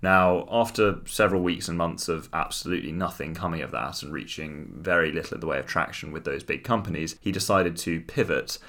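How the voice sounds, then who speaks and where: A man's voice: sits low, a little fast, hardly any pauses, pushed and bright. A man co-hosting a casual chat show, narrating a story with wry, mock-dramatic asides. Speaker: podcast co-host.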